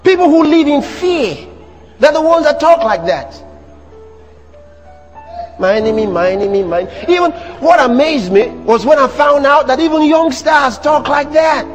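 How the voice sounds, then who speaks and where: A man preaching a sermon to a church congregation, animated, teasing the audience with rhetorical questions and mimicry. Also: extremely high pitch, normal speed, long reverb tail, faint music behind. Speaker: pastor.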